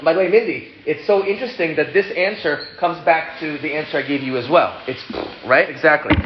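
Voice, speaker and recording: A man's voice: fairly high pitch, a little fast. A man teaching a casual Torah class to students, playful and chatty as he explains ideas and answers questions. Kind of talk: informal Torah lesson with questions. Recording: dull lo-fi sound with loud hiss.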